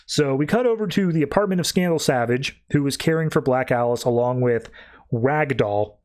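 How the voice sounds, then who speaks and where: A man's voice: medium pitch, moderate pace, darkish tone. A man hosting a podcast, recapping comics in a chatty way with plenty of fillers. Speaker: podcast host. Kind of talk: casual comic book recap.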